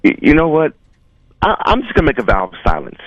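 A man on a radio call, speaking in a halting, defensive, dismissive way. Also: fairly high pitch, wildly swooping pitch, a bit bright, no echo, highs cut off. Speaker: caller on a radio segment. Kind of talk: on-air phone conversation.

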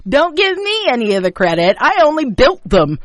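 Lively laughing woman. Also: high voice, normal speed, no room sound. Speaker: guest, mother of two. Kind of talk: casual chat.

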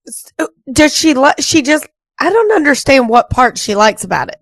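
Female radio co-host, lively higher voice, amused reactions, dry studio sound. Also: normal speed, no room sound. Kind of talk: casual radio banter.

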